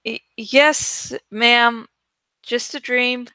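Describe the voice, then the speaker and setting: A teenage boy speaking in a soothing, reassuring way, as a woman reader gives him voice. The tone is bright and high, unhurried, and recorded dry for an audiobook. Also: smooth, no echo.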